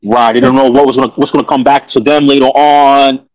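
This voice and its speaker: A man's voice: medium pitch, steady tone, brisk, a little mellow, no echo, rough recording. Repetitive New man, dry close sound. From New York. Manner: repetitive, streetwise, rambling. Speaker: panelist. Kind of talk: casual panel discussion.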